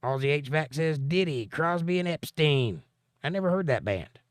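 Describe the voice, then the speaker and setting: A man's voice: on the high side, expressive, moderate pace, no room sound. A man hosting a livestream, reading viewer comments aloud and answering them with dry, sarcastic jokes. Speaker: livestream host.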